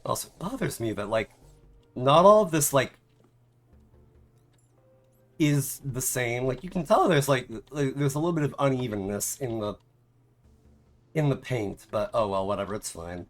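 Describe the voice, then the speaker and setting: A man's voice: medium pitch, lively intonation, moderate pace, long pauses, soft background music. A man streamer chatting casually, rambling off on tangents and filling his talk with "like" and "um.". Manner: rambling, filler-heavy, tangents. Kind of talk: casual chat.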